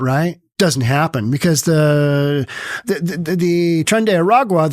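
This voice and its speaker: A man's voice: fairly high pitch, a little mellow, no echo, clean studio sound. A man hosting an opinionated news commentary show, reading news aloud and riffing on it with sarcasm. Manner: sarcastic, mocks with put-on quoted voices; reads news text aloud, then riffs on it.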